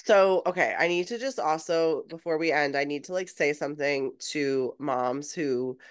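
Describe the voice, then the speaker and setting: A woman in her thirties co-hosting a casual podcast, chatting and reacting with quick asides. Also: sits low, clear, resonant tone. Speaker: podcast co-host. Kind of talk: casual chat.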